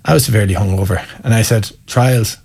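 In a relaxed storytelling interview, an Irish-accented ex-Gaelic footballer shares candid, wry anecdotes. He speaks a little fast in a lowish, steady, creaky voice with a darkish tone.

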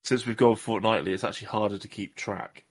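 Man, podcast co-host, casual chat, low-pitched, rambling and jokey. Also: fairly even intonation, a little fast, breathy edge. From Southwest England. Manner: jokey, rambling, self-deprecating.

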